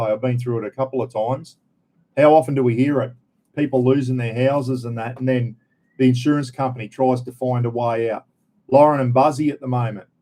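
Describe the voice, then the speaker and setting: A man's voice: mid-range voice, dark tone. A man with an Australian accent hosting a live stream, talking bluntly and swearing often as he speaks straight to his viewers. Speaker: livestream host. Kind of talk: casual live-stream rant.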